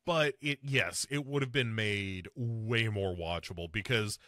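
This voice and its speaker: Animated male podcast host, bright tone. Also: a little slow, no room sound, studio quality. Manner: animated, swings pitch up to mock and mimic film characters. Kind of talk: casual chat reviewing a film.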